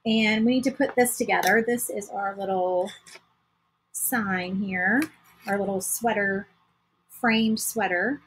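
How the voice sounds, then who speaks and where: A woman's voice: mid-range voice, fairly even intonation, slow, slight background noise, low-quality recording. A woman hosting a casual crafting livestream, chatting to viewers while she paints. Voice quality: very husky.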